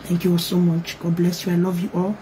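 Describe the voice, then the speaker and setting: A woman's voice: on the low side, monotone, fairly quick, mellow, a little hiss or hum, low-quality recording. A woman with a Nigerian accent talking on a live video, pleading and apologizing, switching between English and pidgin. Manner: pleading, mixes English and pidgin with singing chant. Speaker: online gist host.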